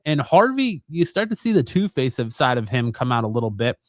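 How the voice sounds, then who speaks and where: A man hosting a comic review channel, retelling a comic's plot in a relaxed, rambling way with lots of fillers. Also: a little high, fairly quick, hardly any pauses, dry recording, studio quality. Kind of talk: casual comic book recap.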